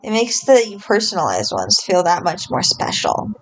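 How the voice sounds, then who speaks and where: A woman's voice: mid-range voice, very animated, moderate pace, a little hiss or hum, low-quality recording. A young woman streamer casually commenting on a game, rambling, swearing freely and trailing off into fillers.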